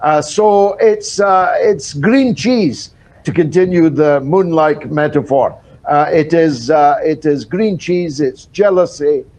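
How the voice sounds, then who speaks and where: A man's voice: on the high side, a little mellow. Wry older man, many "uh"s. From Britain. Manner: rhetorical, wry, fills pauses with "uh". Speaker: political commentator guest. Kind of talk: live news interview.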